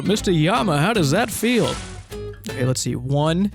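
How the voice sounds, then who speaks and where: Young male game streamer, sarcastic jokey commentary, a bit high and gravelly, soft game music behind. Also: sing-song, normal speed. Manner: sarcastic and joking, swears, playful role-play toward characters. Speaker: gaming streamer. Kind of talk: playthrough commentary, reading quest dialogue aloud.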